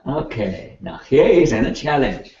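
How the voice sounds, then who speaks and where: A man's voice: medium pitch, moderate pace, gravelly. Older man lecturing in an echoey hall. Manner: animated, laughing, keeps asking the class "right?". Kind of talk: classroom lecture. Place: lecture room. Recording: echoey, distant, dull room recording.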